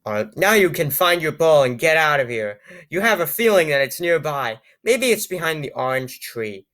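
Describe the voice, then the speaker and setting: A man's voice: on the high side, big pitch swings, normal speed, a bit bright. A man hosting his channel, reading a nonsense story aloud in a playful, mock-dramatic way with joking asides. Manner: playful, mock-dramatic, breaks into laughter and jokes. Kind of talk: comedic reading with commentary.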